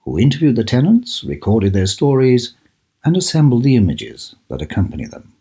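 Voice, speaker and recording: A man's voice: medium pitch, wildly swooping pitch, moderate pace, mellow, breathy edge. A man giving a formal scripted introduction as narrator.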